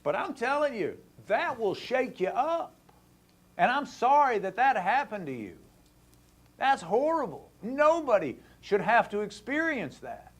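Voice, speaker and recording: High-voiced, lively male talk show host. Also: measured pace. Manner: animated, acts out dialogue in the story. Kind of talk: casual storytelling to a caller.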